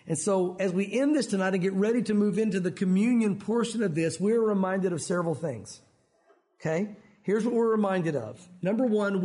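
A man preaching with a high voice. He is animated and slips in and out of voices as he tells his stories. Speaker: pastor. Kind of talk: sermon.

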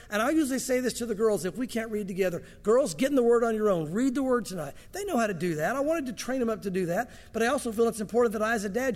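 Brief: conversational male pastor, high voice, echoing church hall. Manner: conversational preaching with asides. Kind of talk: sermon.

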